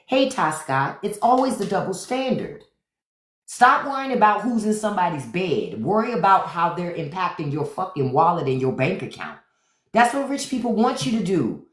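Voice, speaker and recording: A man's voice: high voice, very animated, moderate pace. A man hosting a livestream, ranting bluntly and profanely in a casual chat style. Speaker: podcast host. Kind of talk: livestream rant. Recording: echoey room.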